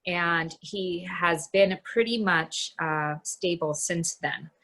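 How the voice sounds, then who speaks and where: Candid, halting middle-aged woman speaker. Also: on the low side, steady tone, bright, forceful tone. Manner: candid, halting, with frequent restarts. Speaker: guest speaker. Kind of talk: personal talk over video. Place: her home, indoors.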